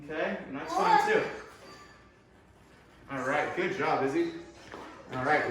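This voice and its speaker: A man's voice: fairly high pitch, wildly swooping pitch, measured pace, long pauses, a bit bright. Guy leading a home workout, cheering people on, sounds far off in a really echoey room. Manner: encouraging, gives short praise. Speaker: fitness instructor. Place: indoors at home.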